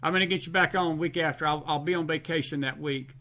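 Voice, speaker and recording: A man's voice: a little high, fairly even intonation, fast, pushed and bright. A man from the Southern United States with a Southern American accent, hosting a late-night live stream, reading viewer comments and repeating phrases for emphasis. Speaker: host.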